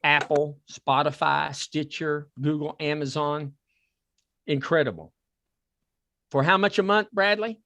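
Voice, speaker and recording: A man with a Southern accent hosting a talk podcast, excitable and repeating himself as he pitches a sponsor. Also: a little slow, vocal fry, long pauses, no room sound, studio quality. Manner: excitable, repeats words and restarts. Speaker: podcast host. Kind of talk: casual chat with a sponsor plug.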